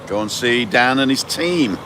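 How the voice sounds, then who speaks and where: A man's voice: medium pitch, animated, moderate pace, crowd noise. A man hosting a casual live stream and explaining things step by step. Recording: street noise and passing vehicles.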